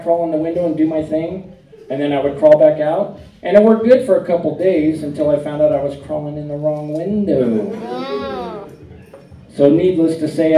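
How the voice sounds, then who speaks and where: A man's voice: on the high side, warm tone. Middle-aged man doing stand-up in an echoey club. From Arizona. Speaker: stand-up comedian. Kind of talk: stand-up comedy set. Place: comedy club stage. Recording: echoey club heard from a distance.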